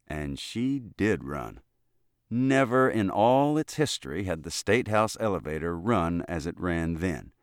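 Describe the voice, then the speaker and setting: Deep-voiced male audiobook narrator. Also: dry recording, studio quality. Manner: steady, measured storytelling. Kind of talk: classic short story reading.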